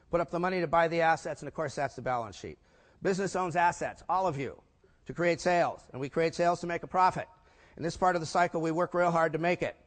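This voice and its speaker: An older man giving a keynote talk at a business conference. He has a slightly high voice and a punchy delivery, often asking the crowd questions. A long reverb from the hall hangs behind him. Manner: punchy, asks the audience rhetorical questions. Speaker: keynote speaker.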